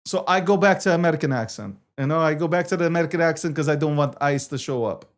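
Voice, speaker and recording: A high-voiced man riffs through a casual crypto market livestream as its weekly co-host. He brags and jokes as he goes, halting and repeating his phrases while he reads through the numbers.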